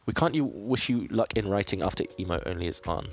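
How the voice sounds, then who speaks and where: Deep-voiced man, thinking aloud. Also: animated, quick pace, soft background music. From southeast England. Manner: thinks aloud, self-deprecating, chatty with viewers. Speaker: chess player and streamer. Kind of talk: casual live-stream commentary while playing.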